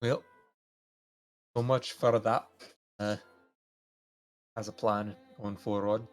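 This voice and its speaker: A man's voice: on the low side, flat delivery, slow, faint music behind. A man playing a tabletop game, chatting and telling stories in an easygoing way. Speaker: player. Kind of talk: casual chat around a tabletop game.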